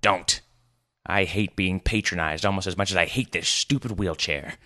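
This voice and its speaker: A man voicing a bitter, sarcastic grandfather in a wheelchair, gruff in a story reading. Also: low voice, normal speed, sharp tone, dry recording, clean studio sound.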